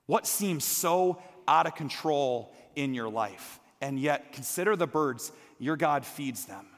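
A man in his thirties preaching a sermon with a fairly high voice, dropping to hushed near-whispers and then building to emphatic calls. His voice rings with the long reverb of a big hall. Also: animated, takes it slowly, hardly any pauses. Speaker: pastor.

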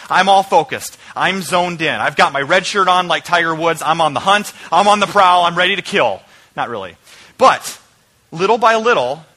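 Man, young, pastor, sermon, storytelling, bright tone, shifts from animated to hushed. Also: sits high. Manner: storytelling, shifting between loud animated bursts and quiet earnest reflection.

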